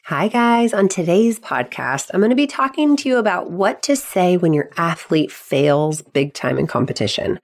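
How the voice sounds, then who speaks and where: A woman in her thirties hosting an advice podcast as a sports psychology coach, upbeat and expressive, acting out quotes in a higher voice. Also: moderate pace, hardly any pauses.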